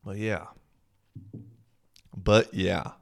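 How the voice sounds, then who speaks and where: A man's voice: sits low, steady tone, very slow, gravelly. A young man hosting his own podcast, talking in a laid-back, slangy, profane way. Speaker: podcast host. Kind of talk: casual solo podcast monologue.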